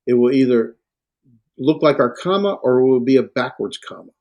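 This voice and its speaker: A man lecturing on Greek to a class, halting and full of fillers and self-corrections. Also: mid-range voice, animated, darkish tone, muffled recording. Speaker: Greek instructor.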